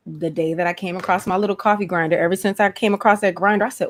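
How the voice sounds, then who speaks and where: A woman's voice: fairly low pitch, fast talker. Chatty woman hosting a livestream. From Atlanta, Georgia, USA. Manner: chatty and expressive, calls listeners "honey" and "y'all". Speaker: host. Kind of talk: casual livestream chat.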